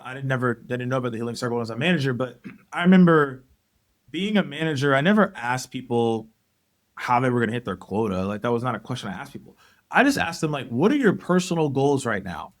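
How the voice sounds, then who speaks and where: Animated male podcast guest telling stories. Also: mid-range voice. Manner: animated storyteller, acts out quotes. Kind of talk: casual conversation.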